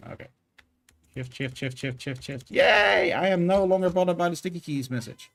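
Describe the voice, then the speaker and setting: A man's voice: high-pitched, moderate pace, creaky, fairly bright tone. A man streaming his game development work, chatting casually and thinking aloud with many fillers. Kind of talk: casual live coding stream.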